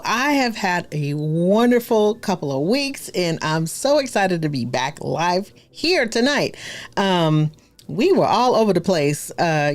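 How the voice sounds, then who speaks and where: A woman hosting a live stream as a branding coach, bubbly and exclamatory, full of slangy asides and repeated excited exclamations. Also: lowish voice.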